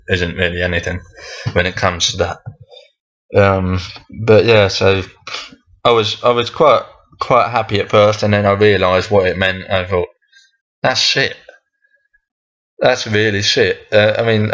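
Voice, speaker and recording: A man's voice: deep voice, a bit bright, highs cut off. A young man hosting a casual solo podcast, rambling and hesitant, and swearing when he gets worked up. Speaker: podcast host.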